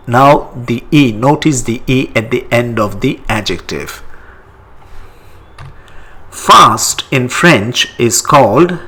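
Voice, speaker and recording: Male language teacher with an Indian English accent. Unhurried delivery, very expressive pitch, says each example twice. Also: slightly rough. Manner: repeats each phrase twice, deliberate. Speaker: French teacher. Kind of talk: language lesson.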